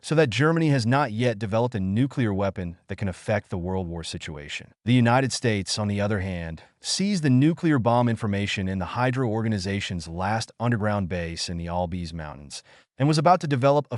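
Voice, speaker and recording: A man with a low voice reads an audiobook in steady scripted narration. His pitch moves in a lively way, and the recording is close and dry. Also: a little fast, no echo.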